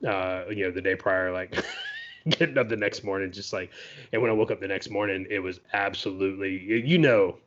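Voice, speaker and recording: A man's voice: deep voice, fairly even intonation, a little fast, muffled recording. A man co-hosting a podcast, telling a story in a loose, chatty way, full of "you know" and "right?" asides. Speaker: podcast co-host. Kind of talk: casual storytelling.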